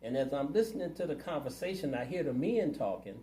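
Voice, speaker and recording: A man's voice: on the high side, animated, a little fast, warm tone, reverberant, a little hiss or hum, poor audio. A man running for city council, answering interview questions in a plainspoken, earnest way. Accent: Ohio. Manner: earnest, plainspoken, community-minded.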